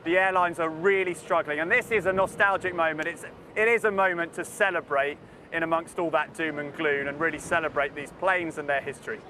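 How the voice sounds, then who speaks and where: A man reporting live from an airfield, talking enthusiastically and with excitement. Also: on the high side, brisk. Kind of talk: live outdoor news report. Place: outdoors at a busy airfield. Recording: noisy outdoor live feed. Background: traffic noise.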